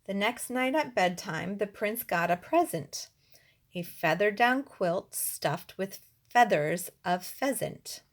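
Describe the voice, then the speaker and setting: Lady reading a rhyming bedtime story, slow and sing-songy. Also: medium pitch. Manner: expressive, rhythmic rhyming delivery. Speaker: reader. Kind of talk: storybook read-aloud.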